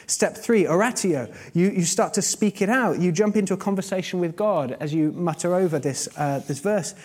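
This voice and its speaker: A man's voice: sits high, moderate pace, a little mellow. A man preaching a sermon in a conversational, earnest teaching manner, using everyday examples.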